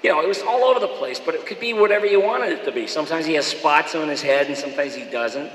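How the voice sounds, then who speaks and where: A man, a voice actor, telling stories in an animated way and slipping into impressions. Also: on the high side, fast, reverberant, in a large hall, poor audio. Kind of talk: storytelling interview.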